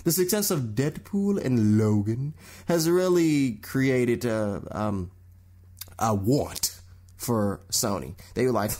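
A young man hosting a solo radio talk show, giving lively commentary on movie news and slipping into quick impressions of other people. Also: medium pitch. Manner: animated, mimics people in quick put-on voices.

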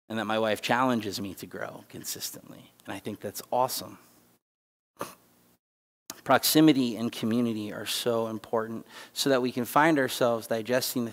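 Holding back tears, a man with a lowish, fairly even voice preaches at a moderate pace as guest speaker. His sermon is conversational and emphatic, with asides and restarts, delivered in a church sanctuary with church hall reverb on the recording.

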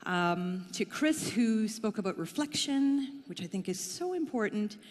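Unhurried and lively in intonation, a middle-aged woman from Canada speaks in a mid-range voice at a conference, keeping things chatty, playful, and self-deprecating. The conference hall gives her voice a long reverb.

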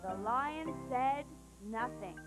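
A woman hosting a children's storybook show, talking in a bubbly, excited, sing-song way. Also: on the high side, slow pace, music in the background.

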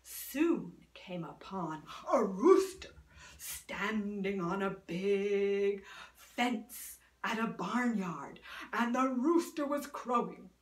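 A woman telling a fairy tale aloud, drawing her words out and dropping soft and low. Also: expressive, extremely slow. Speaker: storyteller. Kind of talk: oral fairy-tale storytelling. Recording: roomy room, voice from a distance.

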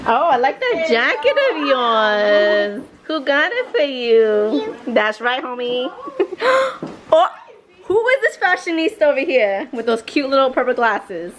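Animated giggly woman vlogger, noisy audio. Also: high-pitched, a little slow. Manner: animated and giggly, mixing in Spanish words. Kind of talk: casual family vlog chat. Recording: noisy handheld camera audio.

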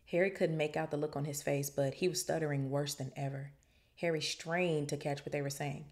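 A woman's voice: deep voice, brisk. A woman podcast host reading a novel aloud and breaking off for joking, slangy commentary. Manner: animated, joking asides in casual slang. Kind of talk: book reading with casual commentary.

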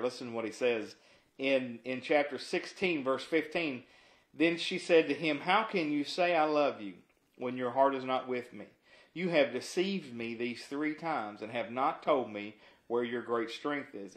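A man's voice: medium pitch, echoey room, rough recording. A man giving casual Bible teaching, retelling the story with asides and restarts. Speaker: preacher.

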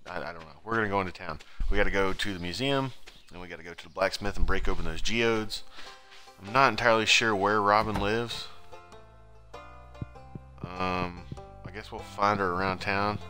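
A man streaming a game, giving casual commentary and muttering to himself, his volume drifting between quiet and loud. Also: low-pitched, moderate pace, pauses often. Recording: game music playing behind.

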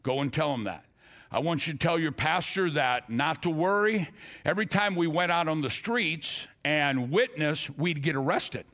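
An older male pastor delivers a storytelling sermon. His voice sits a little high for a man. He acts out the conversations he recounts, with frequent restarts and stammers. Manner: animated storyteller acting out dialogue, stammers and restarts.

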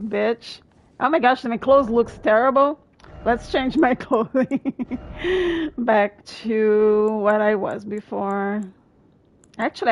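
A woman's voice: a little high, low-quality recording. A woman streaming a video game, commenting live, swearing and shrieking at setbacks and apologizing to her chat. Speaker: gamer streaming a boss fight.

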